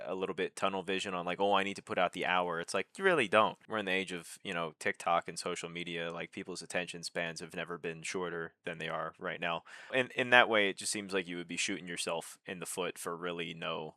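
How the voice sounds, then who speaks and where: Man, low voice, bright crisp tone, dry close mic, casual rambling reviewer, lots of uhs. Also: dry recording. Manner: relaxed, rambling, many filler uhs. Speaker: comedy reviewer, channel host. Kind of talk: casual video commentary.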